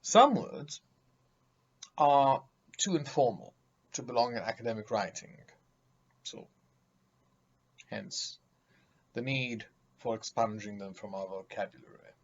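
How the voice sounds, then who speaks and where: A man's voice: mid-range voice, lively intonation, slow pace, pauses often, slightly rough, muffled recording. A man giving a vocabulary lesson, speaking emphatically and theatrically, mocking vague words with acted examples. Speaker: teacher.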